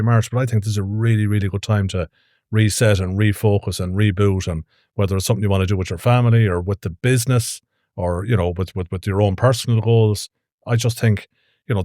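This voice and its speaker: An Irish man, a podcast co-host, talking quickly and reflectively in casual chat with plenty of fillers. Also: on the low side, dark tone, no echo, studio quality.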